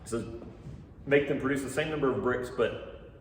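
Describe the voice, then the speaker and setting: A man's voice: medium pitch, normal speed, slight background noise. Man teaching from far in an echoey hall. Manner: conversational, animated retelling with asides. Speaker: Bible teacher. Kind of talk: casual storytelling lesson.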